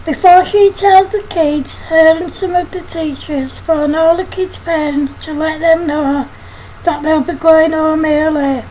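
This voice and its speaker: A woman reading her own children's story aloud in a plain, steady way. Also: high voice, measured pace, slight background noise, low-quality recording.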